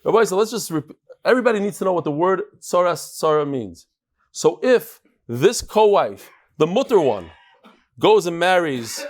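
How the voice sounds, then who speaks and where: Lively man teaching a Talmud class. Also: on the high side. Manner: animated, joking, explains with a chart and laser pointer. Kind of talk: daily Talmud class lecture.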